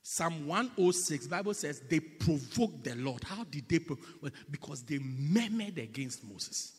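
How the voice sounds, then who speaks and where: A man preaching a sermon in a church, swinging between loud, drawn-out lines and hushed whispers, repeating words for effect. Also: fairly high pitch, animated, husky. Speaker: pastor. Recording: echoey church hall.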